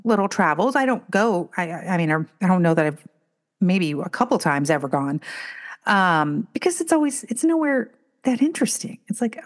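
A woman's voice: on the low side, normal speed. A middle-aged woman in casual chat, telling a rambling story with lots of restarts and acted-out quotes. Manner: animated storytelling, acting out quotes with many restarts.

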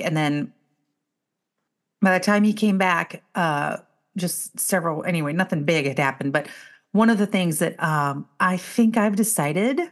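Lively woman co-host chatting. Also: fairly low pitch. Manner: responsive, lots of warm backchannel. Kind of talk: casual chat.

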